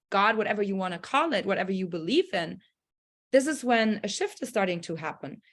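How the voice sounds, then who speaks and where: A woman talks over a video call in a casual, motivational way, earnest and animated. She tells her story with many fillers and restarts, and she acts out her own past thoughts. Her voice sits at a middling pitch. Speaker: speaker sharing a personal story on a group call. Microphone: group video call.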